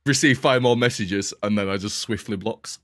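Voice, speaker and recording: A man's voice: fairly low pitch, moderate pace, fairly bright tone, dry recording, clean studio sound. A man co-hosting a podcast, chatting in a wry, easy way. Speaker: podcast co-host. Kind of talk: casual chat.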